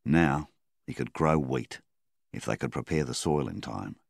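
A man reading a story aloud in calm, measured audiobook narration. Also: very deep voice, creaky, no room sound, clean studio sound. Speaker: story reader.

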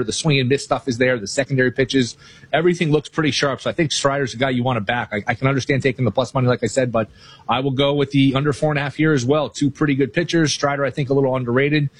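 A man talking casually about his baseball bets, quick and self-deprecating, with a loose and chatty delivery. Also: mid-range voice, slightly rough. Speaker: sports betting analyst guest. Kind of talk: casual betting talk.

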